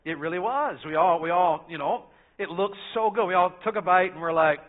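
A middle-aged man, preaching a sermon in a folksy storytelling way that swings between loud and soft. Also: sits high, brisk. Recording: phone-like narrow sound.

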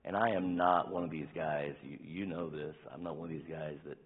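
A deep-voiced man delivers a sermon with a husky grain, swinging from loud emphatic bursts to hushed, almost whispered asides. He tells stories like a fatherly preacher, and the recording sounds thin and tinny, as if heard over a phone line. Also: fairly even intonation, a little fast. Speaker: pastor.

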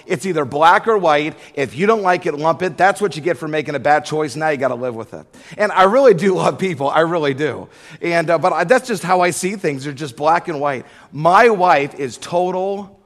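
A middle-aged man preaching a sermon, telling a humorous story in an animated way before building to loud preaching. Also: fairly high pitch. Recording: echoey hall with long reverb.

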